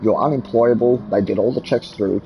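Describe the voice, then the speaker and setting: A man's voice: medium pitch, a little fast, muffled recording, slight background noise. A man in his forties ranting heatedly in casual voice chat while gaming, swearing a lot. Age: 40s. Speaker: gamer chatting with party.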